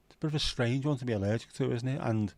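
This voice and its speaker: A man's voice: medium pitch, very fast, darkish tone, no room sound. A man hosting a livestream, chatting casually and cheekily with viewers and reading out their comments by name. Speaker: livestream host.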